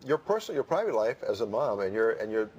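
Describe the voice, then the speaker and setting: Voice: medium pitch, big pitch swings, fast talker, darkish tone, lo-fi sound, slight background noise. Playful co-host with wildly swooping voice. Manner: playful, teasing. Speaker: talk show co-host. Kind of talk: chatty talk show interview.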